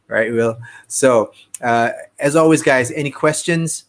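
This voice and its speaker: A man hosting a show, talking in a relaxed, chatty way and correcting himself as he goes. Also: medium pitch, measured pace. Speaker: host. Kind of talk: casual chat.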